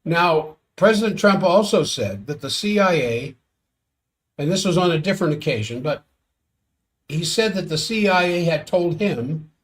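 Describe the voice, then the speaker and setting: A man hosting a solo world-affairs commentary stream, sardonic and exasperated as he reads out quotes and reacts. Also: on the high side.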